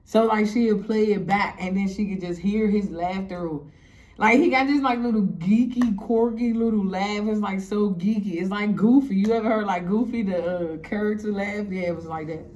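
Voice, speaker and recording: A young woman telling a story to her viewers in a casual, animated way, laughing often and filling her talk with "like". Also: medium pitch, normal speed. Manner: animated, laughing, heavy "like" fillers. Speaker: storytime vlogger.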